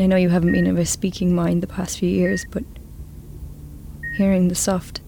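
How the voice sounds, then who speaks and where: A woman narrating and playing a desperate, guilt-ridden young woman in a radio drama, speaking in hushed, fragmented phrases that often drop to a whisper. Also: on the low side, level tone, moderate pace, vocal fry, long pauses, slight background noise. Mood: remorseful. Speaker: writer-performer and narrator.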